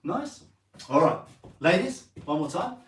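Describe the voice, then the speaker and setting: A man's voice: a little high, very animated, a little slow, far from the mic. An English man leading a live-streamed dance lesson, chatting with viewers while counting and singing out the steps. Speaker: dance teacher. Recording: roomy sound from away from the mic.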